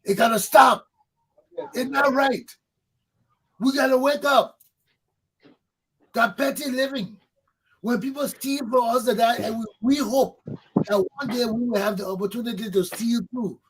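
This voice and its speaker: A man's voice: very high voice, a little slow, pauses often, a bit bright, slight background noise, poor audio. A man, hosting a talk show, delivering a fervent political monologue that preaches, repeats points for emphasis and swears. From Liberia.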